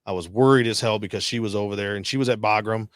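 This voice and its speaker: A man's voice: on the low side, quick pace, no echo, clean studio sound. A man from Detroit telling war stories casually as a guest, swearing and laughing often. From Detroit, Michigan. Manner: profane, laughing, animated quoting. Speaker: veteran guest. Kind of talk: casual storytelling.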